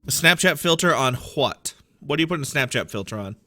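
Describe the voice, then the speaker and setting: A man's voice: mid-range voice, expressive, brisk, pushed and bright. A man streaming a game, giving rambling, playful, self-deprecating commentary. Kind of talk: casual gameplay commentary.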